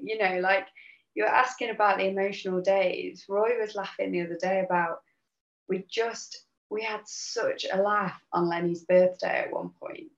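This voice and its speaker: A woman from New Zealand, a podcast guest, telling stories in a lively way and laughing often. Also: medium pitch. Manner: animated storyteller, laughs often. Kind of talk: casual chat. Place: home. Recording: roomy, dull remote audio.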